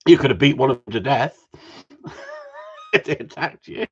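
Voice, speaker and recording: Husky, swearing man teasing mates. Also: mid-range voice, sing-song, a little slow. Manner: swears freely, teasing, laughs often. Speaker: host of a gundog group chat. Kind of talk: crude joking banter. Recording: dull lo-fi sound.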